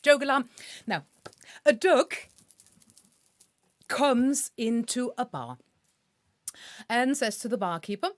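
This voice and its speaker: Slow-speaking woman telling a joke. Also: a little high, animated, dry recording. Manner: laughs easily, rushes through joke lines. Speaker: co-host, singer-songwriter. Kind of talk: casual chat and joke telling.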